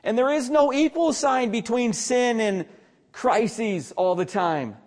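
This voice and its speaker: A man preaching an earnest sermon as pastor, with emphatic stress and quiet asides. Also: very high-pitched, lively intonation, takes it slowly.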